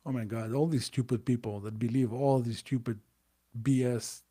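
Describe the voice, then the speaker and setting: Emphatic man with a dark, mellow voice. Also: mid-range voice, steady tone, moderate pace. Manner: blunt, emphatic, repeats points. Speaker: host. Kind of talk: live-stream commentary.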